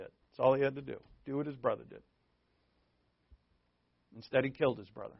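A man's voice: medium pitch, a little fast, vocal fry. A man preaching a sermon as pastor, talking in a conversational way and joking with the congregation. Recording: dull lo-fi recording.

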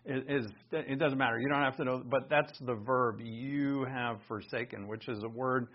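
A man teaching a Bible lesson in sermon style, conversational and animated, raising his voice for emphasis. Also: mid-range voice, moderate pace. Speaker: pastor teaching. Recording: dull lo-fi recording.

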